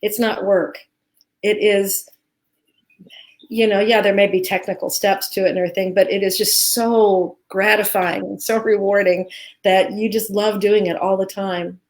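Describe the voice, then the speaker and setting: A woman's voice: mid-range voice, little pitch movement, normal speed. A woman co-hosting a live Q&A, talking in an earnest, heartfelt way with many restarts. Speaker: co-host, teacher. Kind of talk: live Q&A chat.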